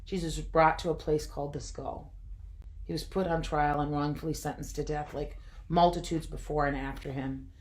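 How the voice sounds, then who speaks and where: A woman's voice: low voice, steady tone, moderate pace. A woman reading a devotional retelling at home, reflective and with wry asides.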